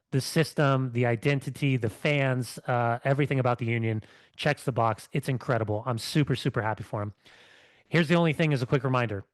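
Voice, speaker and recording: A man's voice: medium pitch, no room sound. Fired-up middle-aged man, dry sound. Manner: fired-up ranting with restarts. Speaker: podcast co-host, former athlete. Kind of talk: casual podcast chat.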